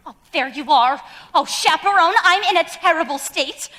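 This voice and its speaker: Young woman as a fluttery showgirl bride, very high voice, bright, theatrical, echoing auditorium. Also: lively intonation, normal speed, exaggerated voice. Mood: dramatic. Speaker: stage actress. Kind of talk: live stage musical acting. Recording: reverberant school auditorium.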